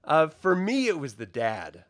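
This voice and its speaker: A man co-hosting a casual film review chat, animated and acting out characters with sudden shouts. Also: fairly high pitch, a little slow, no echo.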